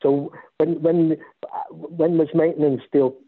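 A man's voice: fairly high pitch, slow. A man casually telling stories about volunteering on a sailing ship, rambling with many restarts. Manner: rambling, animated when storytelling. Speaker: guest speaker. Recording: tinny phone-like line.

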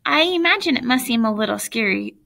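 Brief: earnest, friendly female counselor, read by a woman, slightly high voice. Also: expressive, a little fast, creaky, bright, forceful tone, heavily acted. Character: friendly new female school counselor, shy.

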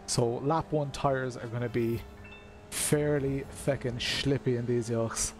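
Irish guy, streamer, mid-pitched, easygoing chatter with lots of fillers, talks to his chat while he drives. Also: fairly even intonation, unhurried, a little hiss or hum. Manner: chatty, greets viewers by name, many fillers. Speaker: sim racing streamer. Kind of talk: casual live-stream commentary while racing. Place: room at home.

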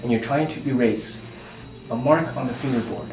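A man acting as a music instructor, calmly guiding a beginner step by step. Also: mid-range voice, normal speed. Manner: calm, gently directive. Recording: roomy echo, distant mic, background hiss.

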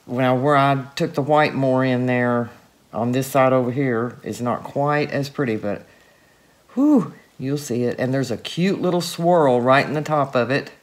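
Speaking a bit slowly in a bass voice, a woman craft artist demonstrates her paint pour, chatting casually to the camera and gushing with delight as she works. The camera mic records her, and she sometimes moves the camera by hand.

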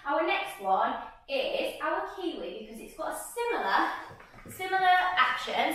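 A woman's voice: sits high, sing-song, unhurried, bright, forceful tone. A woman leading an online group singing lesson, cheerful and chatty, laughing as she sings and claps along. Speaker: music session leader. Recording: echoey room, from far off the mic.

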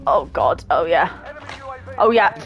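A woman playing a shooter game with friends, excitable, swearing and laughing a lot in casual chat. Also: lowish voice, takes it slowly. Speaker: gamer streamer. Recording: with loud game music.

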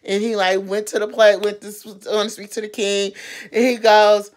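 A woman's voice: medium pitch, normal speed. A woman vlogger giving a casual, rambling movie recap with lots of fillers. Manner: rambling, animated retelling with many fillers.

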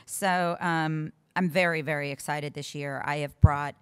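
Low-voiced woman, halting conference intro. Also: steady tone, a bit bright, clear, resonant tone, no room sound. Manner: loose, rambling, halting. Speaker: session organizer and moderator. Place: conference stage.

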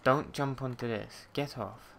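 Young male gamer, frustrated let's-play muttering, bright tone, light noise. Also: medium pitch, measured pace, creaky. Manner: swearing, frustrated muttering at the game. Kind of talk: casual gameplay commentary.

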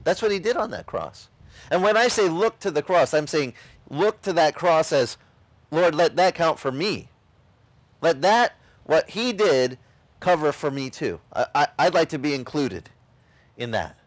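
Animated preaching man, dry close sound. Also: fairly high pitch, measured pace, dry recording. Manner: animated preaching with repeated restarts, voices quoted figures. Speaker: pastor. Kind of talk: sermon. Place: outdoor beach service.

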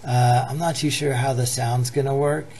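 A man casually explaining a woodworking project, thinking aloud in a relaxed way as he works. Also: medium pitch, moderate pace, a little hiss or hum.

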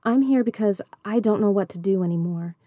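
A woman voicing an anxious, worn-out mother in a storybook reading, breathy and trembling. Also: mid-range voice, a little fast, mellow, dry recording, clean studio sound, natural voice.

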